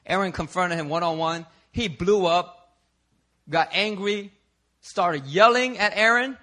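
A male pastor from Philadelphia preaching a sermon in a conversational, animated storytelling way, dropping to a hush and then rising loud. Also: high-pitched, takes it slowly, long pauses. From Philadelphia, United States. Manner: animated, conversational, swings from hushed to loud while telling stories. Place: church service.

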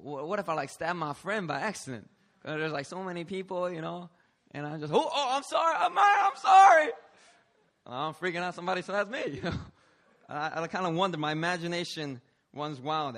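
A man preaching a lively, playful sermon, calling out to the congregation for responses. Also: mid-range voice. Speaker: pastor.

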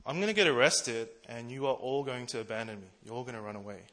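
A man preaching, voicing a calm male teacher who calmly foretells what will happen. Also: mid-range voice, fast, close to an everyday voice.

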